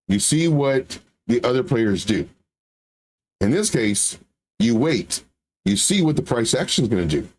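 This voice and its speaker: A middle-aged man hosting a trading show, talking casually and repeating himself, with lively acted-out quotes. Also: mid-range voice. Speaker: trading channel host. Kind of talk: casual live market talk.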